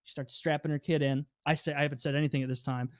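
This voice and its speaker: With a racing, on-the-high-side voice, a twenty-something co-host tells casual, profane stories about his job, loudly impersonating angry customers with plenty of animation. The studio-quality audio has no echo.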